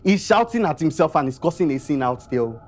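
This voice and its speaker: An actress playing a deferential young woman nurse, excitable and eager. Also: low-pitched, brisk, faint music behind. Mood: anxious.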